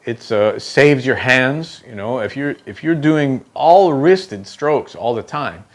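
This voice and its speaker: A man's voice: medium pitch, lively intonation, slow pace. Male drum instructor with a mid-range voice. Patient, talks through each step, counts beats aloud and checks in with "okay?". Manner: explains step by step, ends phrases with "okay?"; counts aloud while demonstrating strokes. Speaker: drum teacher. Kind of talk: instructional demonstration.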